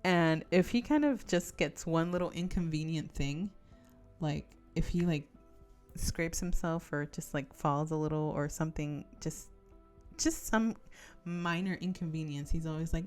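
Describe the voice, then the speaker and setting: A woman's voice: low voice, measured pace, darkish tone, soft background music. A young woman hosting a casual crafting chat, rambling through stories and giggling often. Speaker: crafting channel host. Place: home craft table.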